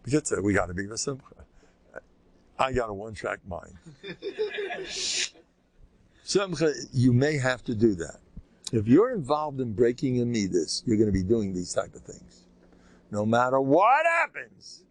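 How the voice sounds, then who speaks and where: An older man, a rabbi, giving an informal, animated Torah lecture with a conversational, joking delivery. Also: measured pace, pauses often. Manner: animated and conversational, swinging pitch, jokes with listeners. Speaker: rabbi teaching a class.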